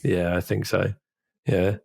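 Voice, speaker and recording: A man's voice: sits low, level tone, slow, creaky, darkish tone, husky, dry recording. A man co-hosting a podcast in casual chat, rambling and laughing at himself. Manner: giggly, rambling, self-deprecating. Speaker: podcast co-host.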